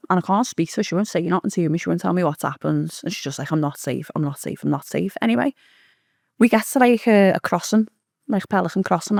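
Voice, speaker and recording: A woman's voice: lowish voice, vocal fry, no room sound, clean studio sound. A woman telling a story in a casual chat as a podcast guest, swearing freely and acting out the voices of the people in it. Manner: swearing, animated, acts out quoted speech.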